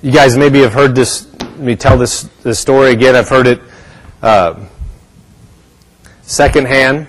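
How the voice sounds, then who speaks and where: A man's voice: medium pitch, a little slow, long pauses, rough recording. A man preaching a sermon, telling a story and acting out the people in it, from bold declarations down to whispers. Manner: acts out quotes, dropping to a whisper for a sick woman.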